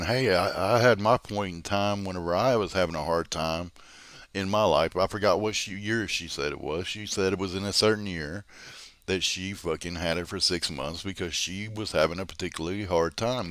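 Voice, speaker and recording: A man's voice: sits low, fairly bright tone, dry recording. A man hosting a drama commentary stream, berating someone in a heated, profane rant.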